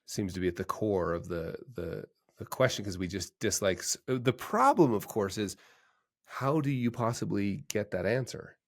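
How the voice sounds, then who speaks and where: A man's voice: on the low side, lively intonation, normal speed. A middle-aged man hosting a podcast interview, talking casually, restarting his sentences often and livening up when he retells stories. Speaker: podcast host, financial planner.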